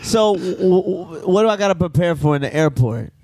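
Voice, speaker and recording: A man's voice: sits high, lively intonation, normal speed, crowd noise. A man co-hosting a podcast in casual chat, joking bluntly and swearing freely. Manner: joking, profane, blunt banter. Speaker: podcast co-host.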